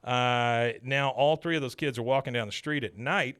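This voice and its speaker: A man of middle pitch hosts a casual podcast and retells a story in a loose, rambling way with lots of filler words. His voice is close and dry, with no room sound around it. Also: normal speed, a bit bright, clear, resonant tone, no room sound. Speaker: podcast host. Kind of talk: casual episode recap chat.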